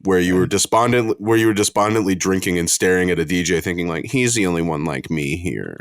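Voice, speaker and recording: A man's voice: low voice, fairly quick, no room sound, studio quality. A man co-hosting a podcast, chatting casually with crude, sardonic jokes. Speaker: podcast co-host. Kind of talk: casual banter.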